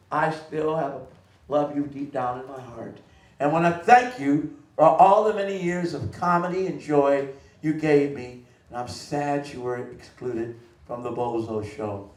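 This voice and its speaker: A man's voice: a little high, reverberant, recorded from a distance, rough recording. A man performing on stage, telling earnest, meandering stories in a wistful way. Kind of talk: rambling live storytelling. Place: live venue stage.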